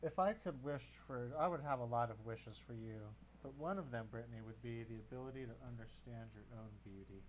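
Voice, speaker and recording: Dude rambling n swearing over a game at his desk, normal pitch, bit of hiss. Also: brisk, hardly any pauses. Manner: rambling, profane, talks to himself and his dog. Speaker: gameplay video creator. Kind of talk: casual gameplay commentary. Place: home desk.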